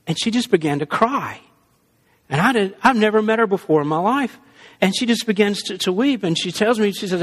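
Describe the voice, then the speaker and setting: A man with a high-pitched voice gives a storytelling sermon in a loose, animated, conversational style. He trips over and restarts his phrases as he goes. The sound carries the long reverb of a large hall. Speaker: preacher.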